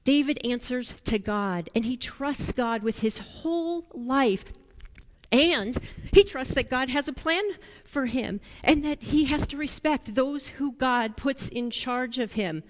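Leading a children's sermon, a woman recounts a Bible story with playful animation and puts questions to the children. Her high voice moves at a slow pace, and the recording has a large-room sound.

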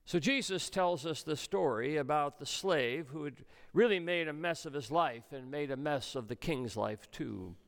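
A male pastor preaching a sermon, swinging between soft, low passages and raised, emphatic ones. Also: animated, moderate pace, vocal fry, few pauses.

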